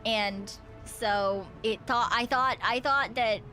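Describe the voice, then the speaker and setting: A woman with a high, bright voice talks in an unhurried way through a gaming livestream. She giggles, rambles and swears without a filter. Game music plays faintly underneath. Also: steady tone. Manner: giggly, swears freely, rambling self-talk. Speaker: VTuber streamer. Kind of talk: casual gaming livestream chatter.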